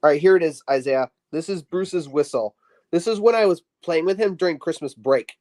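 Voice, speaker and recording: A man's voice: a little high, brisk, darkish tone. A man chatting eagerly on a livestream about his model trains. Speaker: stream guest. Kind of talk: casual stream chat.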